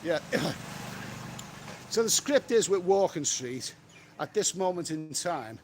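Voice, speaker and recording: Middle-aged man, fairly high voice, blunt and chatty livestream host, outdoor street with faint traffic. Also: expressive. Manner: blunt, chatty, quick to snap at trolls. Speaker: travel vlogger reading live chat. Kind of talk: casual livestream chat.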